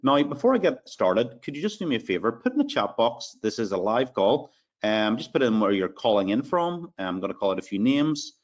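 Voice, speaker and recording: A man's voice: medium pitch, big pitch swings, brisk, lo-fi sound. A man with an Irish accent hosting a live sales webinar, upbeat as he reads out attendees' names. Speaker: webinar host.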